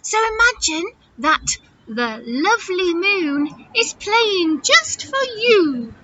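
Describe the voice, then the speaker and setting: A woman voicing a kind, wise little male cricket in a storybook, gentle and encouraging. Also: very high-pitched, big pitch swings, slow, highs cut off, a little hiss or hum, pitched above the performer's own voice, exaggerated voice.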